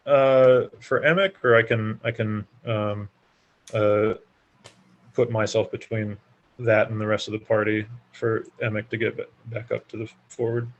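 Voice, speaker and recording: A man's voice: on the low side, little pitch movement, a little slow, muffled recording. A man playing a tabletop game who stammers and repeats words while working out his plan. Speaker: player. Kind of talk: casual tabletop game play.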